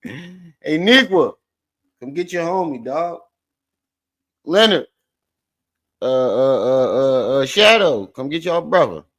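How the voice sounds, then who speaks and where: Animated joking man streaming live. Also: fairly high pitch, slow, long pauses. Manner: loud, profane, joking and teasing chat. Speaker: livestream host. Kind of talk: casual livestream commentary.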